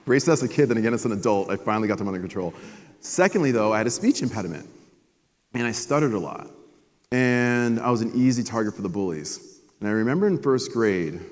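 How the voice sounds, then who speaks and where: A man in his forties giving a motivational conference keynote, telling a personal story with emphatic pauses. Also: medium pitch, darkish tone. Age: 40s. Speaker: keynote speaker. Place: conference stage at a resort. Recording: long reverb of a conference hall.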